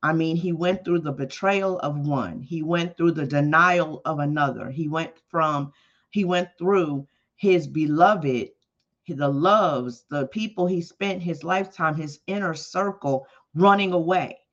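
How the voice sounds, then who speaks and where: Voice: mid-range voice, unhurried, fairly bright tone. Conversational preacher, dull lo-fi sound. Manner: conversational storytelling with emphatic exclamations. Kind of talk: sermon retelling a story. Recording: dull lo-fi podcast audio.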